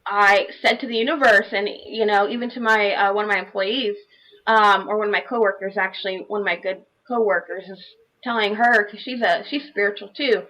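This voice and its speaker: A woman's voice: medium pitch, steady tone, fairly quick, sharp tone, low-quality recording. A woman on a live panel, a life coach, sharing her personal story earnestly and from the heart, with many "you know" fillers over a video call.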